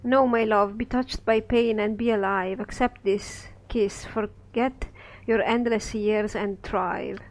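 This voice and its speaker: A man's voice: high-pitched, steady tone, takes it slowly, poor audio. A man reading as a naive, pleading young woman. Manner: earnest, pleading verse. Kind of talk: reading a scripted play aloud.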